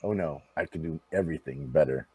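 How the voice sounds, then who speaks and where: A man co-hosting a casual gaming stream, quick to laugh and chiming in with short remarks. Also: rumbling low, warm tone, husky. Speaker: co-host.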